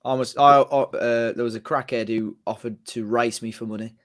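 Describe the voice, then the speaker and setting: A man's voice: mid-range voice, steady tone, fairly quick, a little hiss or hum. A man with an English accent, a regular on a football podcast, chatting casually and telling a rambling anecdote. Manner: rambling anecdotal storytelling with fillers. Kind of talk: casual chat.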